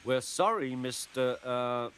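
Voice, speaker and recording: A man voicing a big male diesel engine, gruff but good-natured underneath, in a storybook reading. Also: medium pitch, slow pace, a bit bright.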